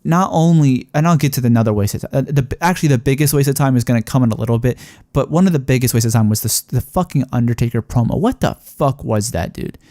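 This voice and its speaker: A man's voice: medium pitch, quick pace, warm tone, no echo, clean studio sound. A young man giving a casual, heated review of a wrestling show, rambling and swearing with lots of fillers.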